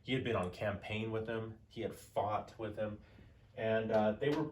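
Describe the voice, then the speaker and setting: A man's voice: on the low side, steady tone, normal speed, a little mellow, a little hiss or hum. A man giving a casual history lecture, telling the story conversationally with many fillers and acting out quoted lines. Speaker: teacher.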